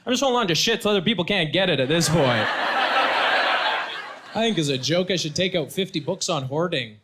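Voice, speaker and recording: A man's voice: fairly high pitch, animated, fairly quick. A man performing stand-up comedy with punchy, self-deprecating delivery. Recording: live show with loud crowd and noise. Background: audience laughter.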